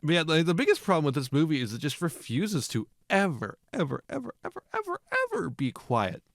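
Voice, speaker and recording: A man co-hosting a casual film podcast, animated, swearing often and laughing a lot. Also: fairly high pitch, a little fast, dry recording, clean studio sound. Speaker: podcast co-host. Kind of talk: casual comedic film discussion.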